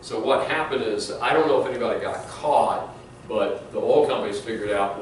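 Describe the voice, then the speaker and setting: In a large classroom, a middle-aged man who teaches law lectures conversationally at normal speed in a mid-range voice, mixing in anecdotes, fillers and restarts. He's far from the mic, and the audio is echoey with faint hiss.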